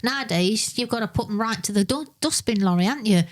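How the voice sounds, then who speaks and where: A cheerful woman co-hosting a relaxed radio chat show. She chats easily and laughs often. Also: fairly high pitch, fast talker. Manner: cheerful, giggly.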